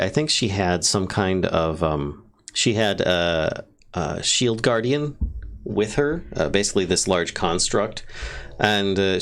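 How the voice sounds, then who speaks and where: A man narrating as game master, halting with many fillers while he looks things up. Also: low-pitched, fairly bright tone.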